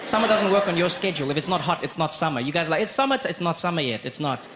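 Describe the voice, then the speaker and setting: A man from Africa, performing an animated stand-up comedy set on a club stage. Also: racing. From South Africa. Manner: animated, with sudden high-pitched jumps for emphasis. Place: comedy club stage before a live audience. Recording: noisy live club recording.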